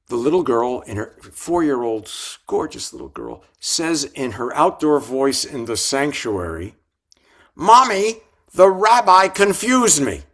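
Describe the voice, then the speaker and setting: An older man, a rabbi and author, telling reflective stories with gentle humor in an interview. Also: medium pitch. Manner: reflective, warm anecdotes with gentle humor and restarts. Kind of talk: storytelling in an interview.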